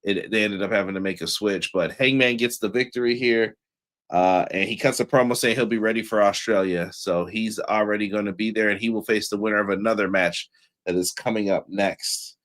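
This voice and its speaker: Slangy, animated wrestling reviewer man. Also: on the low side, brisk. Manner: slangy, animated, laughs often. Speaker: podcast co-host. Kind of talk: casual wrestling show review.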